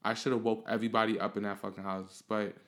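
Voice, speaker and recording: A man's voice: fairly low pitch, quick pace. Profane young man telling a story. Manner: profane, animated, rambling. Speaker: podcast host. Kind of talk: casual storytelling.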